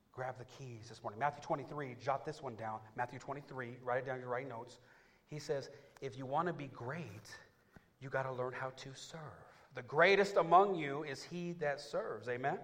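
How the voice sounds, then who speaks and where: A man preaching to his church, dropping low and quiet, then surging loud and high, with quick stammered restarts. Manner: restarts words in bursts. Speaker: pastor. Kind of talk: sermon. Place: church before a congregation.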